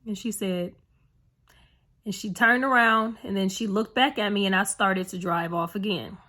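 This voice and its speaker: A woman's voice: medium pitch, steady tone, moderate pace, bright, forceful tone. A young woman vlogging to camera, telling a personal story in a rambling, earnest way full of fillers. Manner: emotional, heartfelt retelling.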